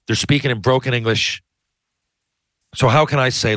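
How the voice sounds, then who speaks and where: A man's voice: medium pitch, steady tone, moderate pace, a bit bright, dry recording. A man in a heated, profane, rambling rant, often restarting his sentences. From Canada. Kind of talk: ranting monologue.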